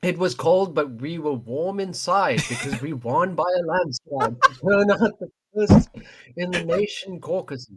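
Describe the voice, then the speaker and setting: A man's voice: a little high, animated, measured pace, a crowd in the background. A man reading out a rambling rally speech as a boastful male politician.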